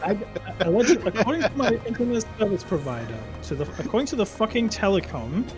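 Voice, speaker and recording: A man's voice: high voice, sing-song, fast. A man chatting casually over voice chat while gaming, rambling with many restarts and some swearing. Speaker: guest player. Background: game music.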